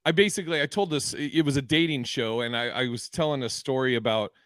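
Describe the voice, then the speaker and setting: A man's voice: medium pitch, fast talker, fairly bright tone, clean tone, dry recording, studio quality. A man hosting a comedy podcast, telling stories in rambling, profane casual chat with many restarts.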